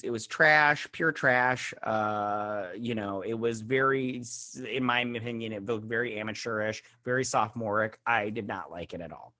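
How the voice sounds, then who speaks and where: A man's voice: medium pitch, pushed and bright. A young man hosting a show, recapping and reviewing an episode in a rambling, snarky way, full of fillers and mocking quotes. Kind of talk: casual spoken recap and review.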